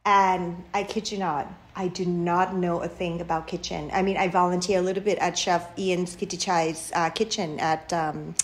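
Thai woman telling a lively story. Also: fairly low pitch, normal speed, few pauses. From Thailand. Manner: animated, laughs often, many fillers and restarts. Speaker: chef and restaurant owner, guest. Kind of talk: storytelling in an interview.

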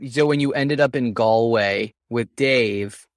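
A man asking an interview guest questions in a relaxed, conversational way. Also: mid-range voice, slow pace, no echo, studio quality. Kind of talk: podcast interview.

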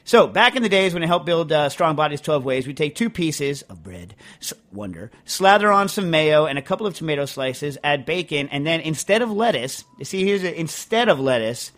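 Man, podcast host, somewhat high voice, rambling emphatic chat. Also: big pitch swings, moderate pace, few pauses, fairly bright tone. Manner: rambling, emphatic, lots of "like" and restarts. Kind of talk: casual chat, answering listener mail.

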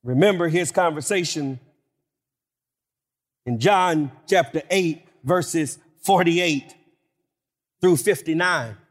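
A man preaching a sermon with emphatic delivery that builds to shouted declarations. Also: fairly high pitch, takes it slowly, long pauses. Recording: long hall reverb.

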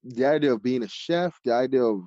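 A man from Nigeria, a chef, telling his story casually in an interview, animated and full of fillers. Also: mid-range voice, brisk, dry recording. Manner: animated, many fillers like "like" and "you know". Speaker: chef, podcast guest. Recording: dull lo-fi audio.

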